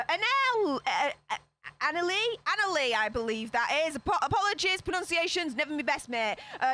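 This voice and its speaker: With a high, sharp-toned voice, this livestream host fires off quick, sassy greetings to viewers, chatting away in northern slang. She's in her thirties and speaks with a Yorkshire accent, being from Yorkshire, England.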